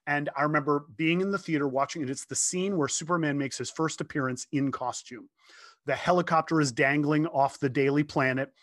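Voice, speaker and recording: Earnest man telling a story, slightly high voice. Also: brisk, no room sound, clean studio sound. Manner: earnest, animated, with frequent restarts. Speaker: guest. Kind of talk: storytelling in casual conversation. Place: home office.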